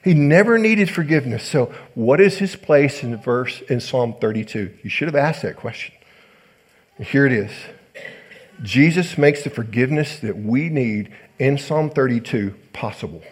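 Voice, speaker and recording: A male pastor preaching a sermon in earnest, rising to loud emphasis and dropping to hushed low lines. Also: expressive, moderate pace, husky.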